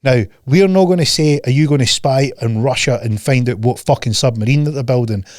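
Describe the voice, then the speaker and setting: A man's voice: medium pitch, fairly quick, a little mellow, no room sound, clean studio sound. Blunt, profane man ranting on a podcast. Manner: blunt, profane rant with mocking impressions. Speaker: podcast host. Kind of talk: casual podcast chat.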